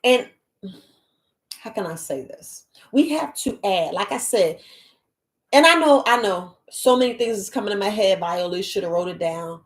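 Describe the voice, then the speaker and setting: Woman host, casual, rambling, animated live-stream talk into a close webcam. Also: medium pitch, normal speed. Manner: rambling, chatty, animated, talks straight to viewers as family. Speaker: herbalist host of a live podcast.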